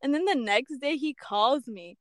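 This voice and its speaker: High-voiced young woman telling a story. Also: normal speed, dry recording, studio quality. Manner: animated storyteller, heavy use of "like" and "bruh", acts out quotes. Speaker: podcast co-host. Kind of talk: casual storytelling chat.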